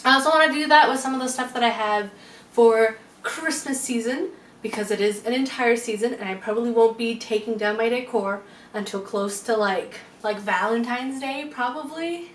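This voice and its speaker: A woman lifestyle vlogger chats casually to camera in a room at home, out of breath, rambling with playful asides. Her voice is on the high side at normal speed, picked up by a distant mic in an echoey room with a little hiss or hum and faint music.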